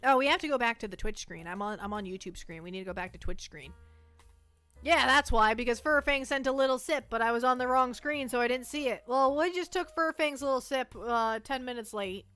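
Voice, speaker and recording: Woman streamer, higher-pitched, crisp voice, playful and rambling, over-caffeinated, dry close mic. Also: a little fast, fairly bright tone, no echo, faint music behind. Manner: playful, rambling, self-mocking. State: jittery from too much caffeine. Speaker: live streamer. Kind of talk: casual chat to a live audience.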